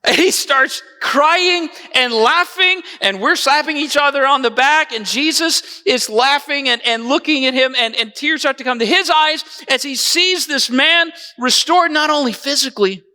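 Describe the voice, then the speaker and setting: High bright guy acting out a bible story from the pulpit, echoey church hall. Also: moderate pace, few pauses. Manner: dramatic storytelling, swinging between lively and hushed. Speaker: pastor. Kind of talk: dramatized first-person sermon monologue. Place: church sanctuary.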